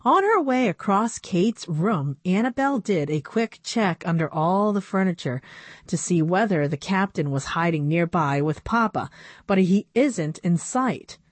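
A woman reads a children's storybook aloud at an unhurried pace. Her pitch moves expressively through each line. The recording is dry and close. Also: expressive, no echo.

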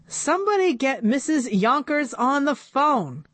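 Give me a woman playing a flustered male principal, read slow and dry for a storybook. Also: high voice, sing-song, dry recording, pitched above the performer's own voice. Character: flustered male school principal, eager to please.

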